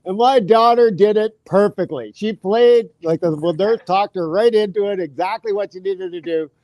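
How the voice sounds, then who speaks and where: High-voiced man telling a story. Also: normal speed, no room sound. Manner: animated anecdote with acted quotes and laughs. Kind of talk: casual storytelling.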